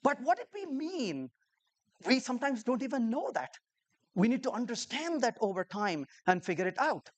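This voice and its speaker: A woman's voice: on the high side, normal speed. A woman giving a live talk to a room of developers, telling stories and asking the audience rhetorical questions. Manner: animated storyteller who acts out conversations. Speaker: conference speaker.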